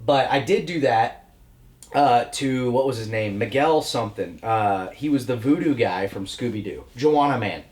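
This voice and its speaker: A man co-hosting a podcast in casual chat, telling animated stories and acting out quotes. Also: normal speed. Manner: animated storyteller, acts out quotes in high voices. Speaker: podcast co-host.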